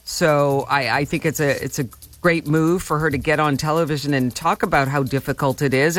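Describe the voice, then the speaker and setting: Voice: mid-range voice, fairly even intonation, moderate pace, a bit bright, soft background music. A host giving conversational news commentary, hesitating and restarting, then turning upbeat to plug a shop. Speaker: show host.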